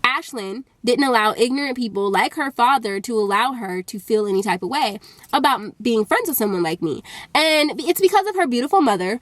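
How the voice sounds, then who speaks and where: A woman from Alabama telling a personal story on her vlog, animated and full of filler words. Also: medium pitch, no room sound. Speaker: vlogger.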